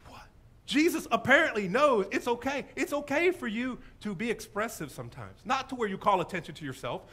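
High-voiced pastor preaching, super animated and jokey, pitch jumping all over. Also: male voice, a little fast. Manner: animated, humorous, enthusiastic. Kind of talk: sermon.

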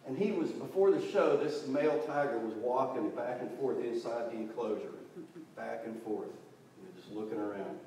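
In a church sanctuary, a man preaches a sermon, telling stories animatedly and acting out the voices of the people in them. His voice is mid-range and a little mellow, at a moderate pace. The recording is distant and very echoey, with faint noise.

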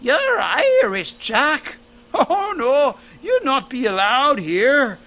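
A little angel girl in a squeaking falsetto, as a storyteller puts her on. She scolds in a shrill, sharp, bright voice. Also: sing-song, takes it slowly, heavily acted. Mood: scolding.

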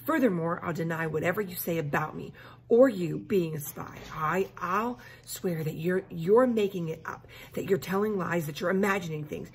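A woman's voice: fairly low pitch, moderate pace, slightly rough. Woman reading a stern scheming babysitter. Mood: threatening.

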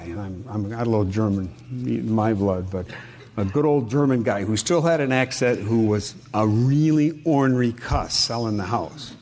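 Here a middle-aged man's mid-range voice comes across a little mellow, with slight background noise. A home inspector from Wisconsin, he gives a conversational seminar talk as a folksy storyteller, sharing anecdotes and asking the audience questions.

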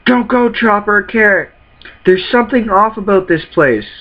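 A man's voice: high-pitched, lively intonation, moderate pace, voice pushed up. A man reading a wary young woman's lines in a raised voice, on a dull lo-fi recording. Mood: uneasy.

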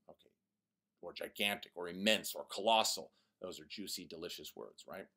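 A man teaching a poetry lesson to young students, animated and mock-ironic, reading example lines in a sing-song voice. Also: deep voice, normal speed.

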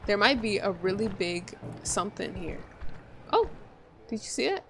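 A woman's voice: medium pitch, expressive, moderate pace, creaky, noisy background. A woman playing a game and reacting aloud with crude jokes as she goes. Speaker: gamer. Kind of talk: let's play commentary.

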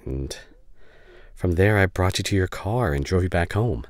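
A man voicing a caring young male best friend in a whispered role-play, speaking softly and haltingly with emotional reassurance. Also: deep voice, animated, no room sound, studio quality. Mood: gentle. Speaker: ASMR voice actor. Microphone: studio condenser mic.

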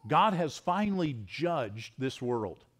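A man's voice: a little high, big pitch swings, takes it slowly, a bit bright. A male pastor preaching an expository sermon, reading scripture aloud and acting out quoted voices. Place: church sanctuary.

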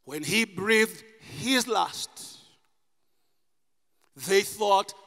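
A man preaching a sermon as pastor, impassioned and rising to shouts. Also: very high-pitched, slow pace, in a large hall. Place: church.

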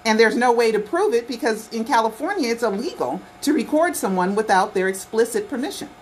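Insistent woman vlogger, high voice. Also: lively intonation, fairly quick, slight background noise. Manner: insistent, repeats herself, lots of "okay" and "right". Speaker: conspiracy documentary vlogger. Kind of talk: casual talk to camera.

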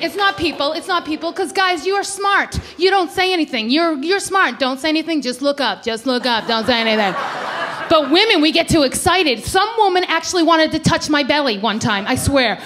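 A woman in her thirties performing a brash, animated stand-up comedy set on a club stage, acting out loud quoted voices. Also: sits high, normal speed, a crowd in the background, background noise.

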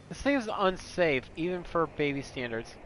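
A man's voice: fairly high pitch, fairly bright tone, a little hiss or hum. A man streaming a horror game, narrating his own play with jokey mock panic and a lot of swearing. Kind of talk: live gameplay commentary.

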